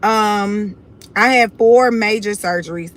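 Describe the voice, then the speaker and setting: A woman's voice: medium pitch, slow. A young woman with a Houston accent, talking casually and bluntly to viewers on her own livestream. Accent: Southern US, Houston. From Houston, Texas. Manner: confident, blunt, addresses viewers as y'all. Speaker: livestream host.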